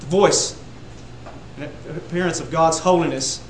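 A man preaching a sermon to a congregation, building to loud emphatic peaks on repeated words. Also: on the high side, a little slow, echoey room, slight background noise, rough recording. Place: church sanctuary.

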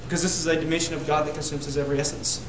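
A man preaching a sermon to a congregation, building to loud emphatic peaks on repeated words. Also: on the high side, flat delivery, very fast, roomy sound, background noise. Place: church sanctuary.

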